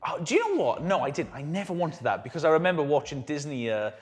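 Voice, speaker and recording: A young Welsh man telling stories in a casual interview, animated and acting out the people he quotes. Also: on the high side, fast talker. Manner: animated storyteller who acts out quotes. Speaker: guest.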